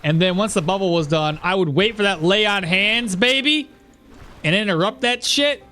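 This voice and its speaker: A man's voice: high-pitched, moderate pace, bright, forceful tone. A man streaming a game live, rambling and chuckling as he comments, swearing casually.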